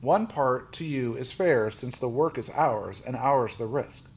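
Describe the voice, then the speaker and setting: A man's voice: mid-range voice, measured pace, husky. A man voicing a blunt Russian sea captain. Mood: bargaining.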